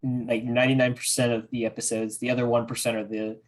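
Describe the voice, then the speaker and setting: A man co-hosting a casual anime talk show, answering in a relaxed, brief way. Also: medium pitch, fast talker. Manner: laid-back, brief replies. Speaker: podcast co-host. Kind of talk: casual chat.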